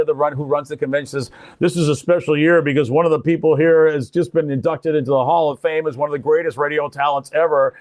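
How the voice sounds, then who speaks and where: An older man, a radio personality, tells stories in casual conversation, animatedly acting out the people he quotes. His voice is fairly high and creaky, recorded at studio quality with no echo.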